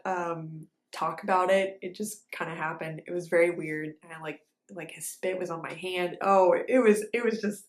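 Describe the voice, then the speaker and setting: A young woman dancer telling a story in a casual, animated way, with lots of fillers. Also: lowish voice. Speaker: ballet dancer and vlogger. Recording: echoey room.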